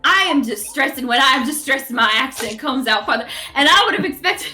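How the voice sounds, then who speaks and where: A theatrical, swooning elven lady with a put-on accent, played by a woman in a tabletop game. Her voice sits high and swings widely up and down, with faint music in the background. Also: animated, brisk, bright, forceful tone. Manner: theatrical, swooning, over-the-top. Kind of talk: tabletop role-play.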